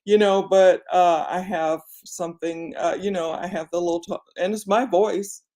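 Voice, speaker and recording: A woman's voice: on the low side, steady tone, normal speed, dark tone. A woman talking casually to her viewers as an online business coach, encouraging them and speaking with many "you know" fillers. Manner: encouraging, addresses viewers directly. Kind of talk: casual reflective vlog talk.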